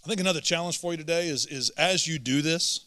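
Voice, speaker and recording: A man's voice: on the high side, fast, bright, forceful tone. Man, pastor, earnest emphatic sermon, church auditorium, long hall reverb. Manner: earnest, emphatic preaching with repeated words.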